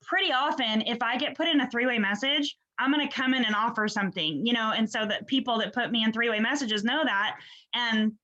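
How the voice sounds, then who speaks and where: A woman's voice: fairly high pitch, fairly quick, bright, forceful tone, lo-fi sound. A woman hosting a video call, chatty and enthusiastic, swearing now and then. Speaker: host. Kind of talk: casual video call chat.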